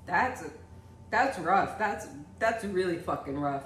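A young woman riffs through a casual comedic reaction, blunt and quick to laugh or swear. Her fairly high voice leaps around expressively while she takes her time. The room around her rings with a noticeable echo. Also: lively intonation, fairly bright tone, far from the mic, slight background noise. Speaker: host reacting to comments.

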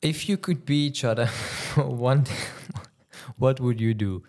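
A man's voice: mid-range voice, measured pace, darkish tone. A racing driver chatting casually on a podcast, often stumbling over his words and laughing. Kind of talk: casual chat.

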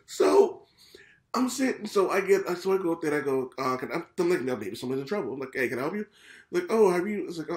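A man hosting a casual podcast, telling stories in an animated way, swearing and acting out what people said. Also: fairly high pitch, fast, reverberant. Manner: animated, swearing, retells scenes in quoted voices. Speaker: podcast host. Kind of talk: casual storytelling chat.

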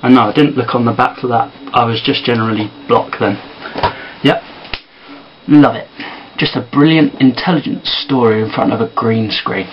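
A man talking quietly and softly to camera in a casual sit-down vlog. He sounds tired. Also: medium pitch, normal speed, lo-fi sound, a little hiss or hum. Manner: quiet and soft-spoken. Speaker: vlogger and amateur filmmaker.

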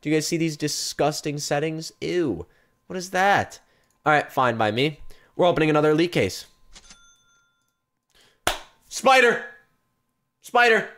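A young man giving live commentary on his game stream, chatting straight to his viewers and breaking into loud yelps and shouts. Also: fairly high pitch, moderate pace. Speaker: gaming streamer.

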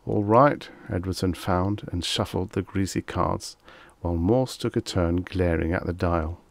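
A deep-voiced man reads vintage science fiction aloud, measured and dramatic. His low voice carries a gravelly texture, and the recording is close and dry with no room sound. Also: fairly even intonation, no room sound. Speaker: audiobook narrator.

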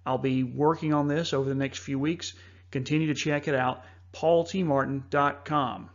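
A man hosting a preparedness talk, narrating over slides in an earnest, measured way with frequent fillers. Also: on the high side, steady tone, muffled recording. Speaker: host.

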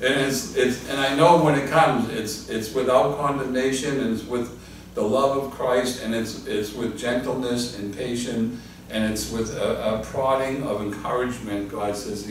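Earnest pastor in an echoey hall. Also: male voice, fairly even intonation, moderate pace. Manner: earnest, repeats and restarts phrases, drops lower and softer when quoting God. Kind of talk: Bible study teaching and closing prayer. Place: church hall. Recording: echoey church room from a distant mic, faint noise.

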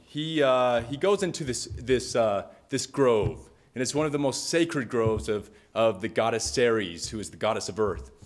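A man's voice: mid-range voice, lively intonation, normal speed, hardly any pauses. Man retelling a myth dramatically. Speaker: speaker. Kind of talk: storytelling talk.

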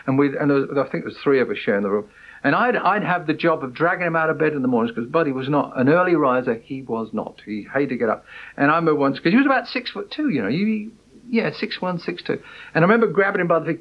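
A man's voice: medium pitch, quick pace, muffled recording. A man from England, a comedian giving an interview, telling anecdotes in a chatty way and laughing often. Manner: chatty, laughing, animated storyteller. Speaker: interviewee, comedian on the tour bill.

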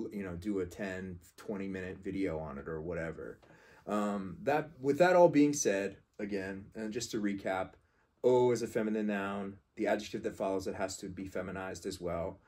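A man's voice: on the low side, darkish tone, breathy edge. A man reviewing a fragrance in casual talk, rambling and emphatic as he corrects how a word is said.

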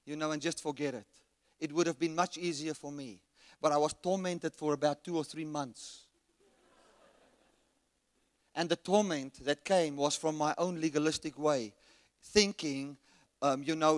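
High-voiced man preaching in a reverberant hall. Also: moderate pace, long pauses. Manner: storytelling, rising to shouts when reenacting anger. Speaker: guest preacher. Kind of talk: sermon with anecdote. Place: resort hall at a church camp. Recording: long reverb of a large hall.

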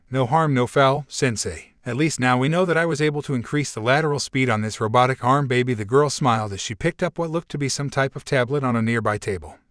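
A man's voice: medium pitch, dry recording. Man reading fan fiction, dry close sound. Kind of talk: audiobook-style story reading.

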